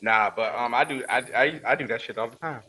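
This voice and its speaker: Man, bright tone, laid-back, stammering restarts, casual chat. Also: medium pitch, fairly quick, slight background noise.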